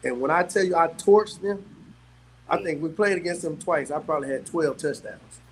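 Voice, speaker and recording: A middle-aged man tells long stories as a guest, animated and quick to laugh. His voice sits a little high for a man, and he keeps dropping in a casual "man" as he talks. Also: slight background noise, rough recording. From South Carolina, US. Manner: animated, laughs often, peppers talk with "man". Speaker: guest, former pro athlete. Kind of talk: casual storytelling.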